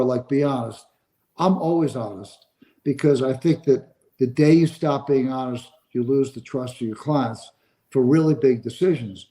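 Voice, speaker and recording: A man's voice: mid-range voice, warm tone, low-quality recording. An older man, a sports agent being interviewed on a podcast, telling a long story and acting out the dialogue of the people in it.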